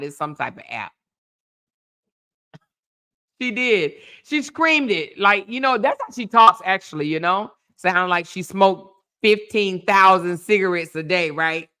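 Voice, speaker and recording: A woman in her fifties, a blogger chatting casually and reading out viewer comments in a sassy, animated way. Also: medium pitch, clean tone. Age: 50s. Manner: sassy, animated, calls listeners honey and baby.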